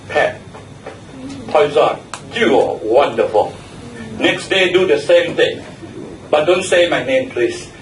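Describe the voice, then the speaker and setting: A man's voice: on the high side, recorded from a distance, a little hiss or hum. A man giving a joking, encouraging talk as general evaluator at a speaking club meeting. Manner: joking, chatty, laughs at his own stories. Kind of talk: humorous encouraging club speech. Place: meeting room. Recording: echoey room, picked up from afar.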